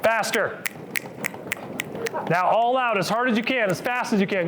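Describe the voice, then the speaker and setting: Upbeat male exercise coach, fairly high voice. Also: unhurried, background noise. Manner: upbeat, coaching with counts and cues. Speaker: physical therapist leading an exercise class. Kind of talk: live exercise coaching talk.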